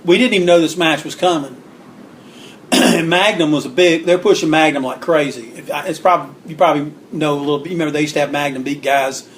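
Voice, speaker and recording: A man on an interview, spinning stories with animated energy and acting out what people said. His voice sits a little high, and he clears his throat now and then. A faint hiss runs underneath. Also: a little fast. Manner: animated storyteller acting out quotes. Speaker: guest author. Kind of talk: storytelling interview.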